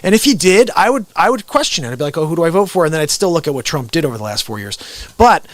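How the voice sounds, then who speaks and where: Lively storytelling man, higher voice. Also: rapid-fire, no echo. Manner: animated storyteller, acts out the people in his stories. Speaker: host. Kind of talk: casual talk show conversation.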